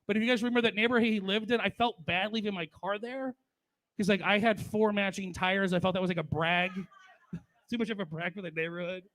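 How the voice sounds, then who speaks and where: High-voiced comedian in his forties. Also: quick pace, fairly bright tone. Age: 40s. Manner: crude, profane, conversational. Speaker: stand-up comedian. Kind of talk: stand-up storytelling at a memorial.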